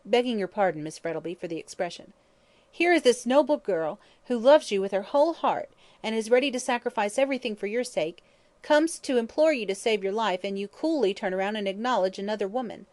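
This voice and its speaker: A woman reading an audiobook, voicing a blunt, cynical middle-aged male lawyer with a sharp, exasperated manner. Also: mid-range voice, fast, hardly any pauses, no echo, close to an everyday voice. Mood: angry.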